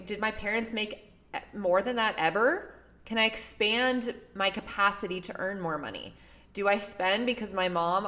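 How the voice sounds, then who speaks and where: A woman talking casually and earnestly to her listeners, coaching them with questions. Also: mid-range voice. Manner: earnest and emotional, warm toward her father. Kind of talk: casual solo talk to listeners.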